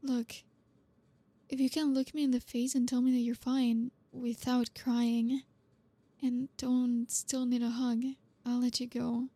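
A woman voicing a blunt, reserved young woman who is gruff but caring, talking to the listener in an audio role-play in a halting, awkward way. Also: on the high side, level tone, warm tone, dry recording. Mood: awkward, tender. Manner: halting, awkward, stumbling over words.

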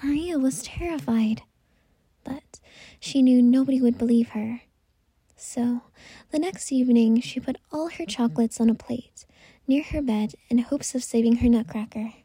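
Soft-voiced woman telling a bedtime story. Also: on the high side, moderate pace, slightly rough, no room sound.

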